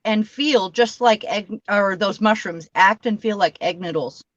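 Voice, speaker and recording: A woman's voice: mid-range voice, measured pace, dull audio, slight background noise. A woman casually chatting and rambling while she makes cards on a livestream, laughing now and then. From Washington state. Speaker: card-making livestream host. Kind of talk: casual chat while crafting.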